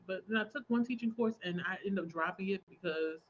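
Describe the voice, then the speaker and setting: A young adult woman hosting a relaxed crafting livestream, chatting casually, laughing often and reading out viewer comments. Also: medium pitch, quick pace, highs cut off, a little hiss or hum. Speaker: livestream host. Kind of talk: casual chat while crafting.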